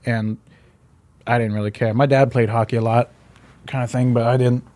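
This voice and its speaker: A man's voice: mid-range voice, little pitch movement, normal speed, darkish tone, no room sound. Rambling, jokey man as podcast guest. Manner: rambling, full of fillers, jokey. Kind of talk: casual comedic chat.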